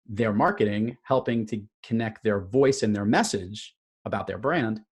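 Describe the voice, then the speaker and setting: A man's voice: mid-range voice, darkish tone. A man being interviewed as a guest, upbeat and enthusiastic as he explains his work. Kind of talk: interview conversation.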